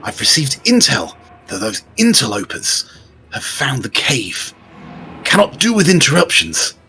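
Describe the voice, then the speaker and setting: A man's voice: mid-range voice, huge pitch swings, measured pace, sharp tone, a little hiss or hum, exaggerated voice, low-quality recording. A man voicing a scheming female bugbear leader who gives curt, commanding orders in a tabletop game.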